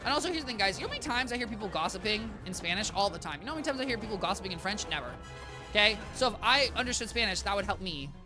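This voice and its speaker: A man's voice: high voice, animated, very fast, music in the background. A young man streaming a video game, rambling in a casual, self-deprecating way and talking to his chat as "guys". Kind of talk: casual gaming commentary.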